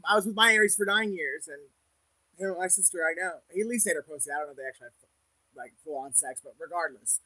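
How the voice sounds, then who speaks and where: A man's voice: high voice, fast talker, bright, forceful tone, dry recording, rough recording. A man hosting a casual livestream as a psychic reader, speaking candidly to viewers with frequent laughs and religious conviction.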